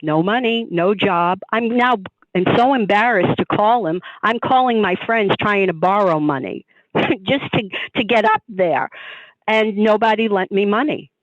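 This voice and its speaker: A woman guest telling a personal story in an animated way, acting out the voices of people she quotes. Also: mid-range voice, unhurried, no room sound. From New York. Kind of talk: storytelling interview. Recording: tinny phone-like line, dry.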